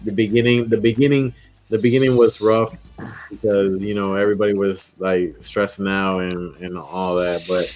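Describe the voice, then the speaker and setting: Low-voiced man rambling on a podcast. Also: fairly even intonation, moderate pace, a little mellow. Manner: rambling, repeats himself. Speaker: podcast co-host. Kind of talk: casual chat.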